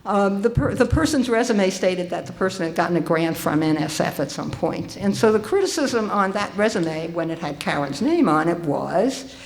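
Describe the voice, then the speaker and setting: Older woman, conference speaker; lively, conversational delivery with ums and restarts. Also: on the low side, moderate pace, gravelly. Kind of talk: conference talk. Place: conference hall.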